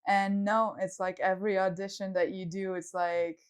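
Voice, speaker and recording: Belgian French-accented woman, thirties, podcast co-host, mid-pitched voice, laughs easily. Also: little pitch movement, moderate pace, clear, resonant tone. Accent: French-speaking Belgian. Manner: laughing, agreeing, filler-heavy. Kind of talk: casual chat.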